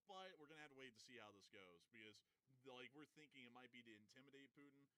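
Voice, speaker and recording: A man's voice: mid-range voice, fast, smooth, low-quality recording. A man hosting a news livestream in casual commentary, joking around between news items. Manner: jokey, puts on loud silly voices for gags.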